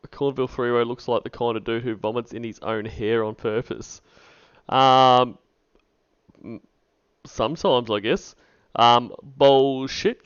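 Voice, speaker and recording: A man hosting a livestream, laid-back, greeting viewers by name with many pauses. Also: medium pitch, a bit bright, clear, resonant tone, no room sound, muffled recording. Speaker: livestream host. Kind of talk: casual stream chat.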